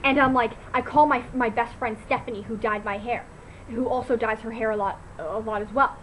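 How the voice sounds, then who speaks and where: A teenage girl with a somewhat high voice tells a long story to her webcam. She talks in a casual, animated way, peppering every sentence with "like" and fillers. She is recorded at home on a laptop with a faint hum of room noise behind her. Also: fairly quick, rough recording. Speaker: vlogger. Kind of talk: casual chat to camera. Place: at home, indoors.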